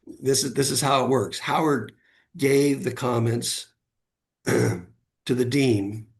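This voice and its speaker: A man's voice: mid-range voice, fairly even intonation, slow. A middle-aged man from California, a guest author telling personal anecdotes in an interview, with many fillers and acted-out quotes. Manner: anecdotal, acts out quoted voices, frequent fillers. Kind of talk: storytelling interview.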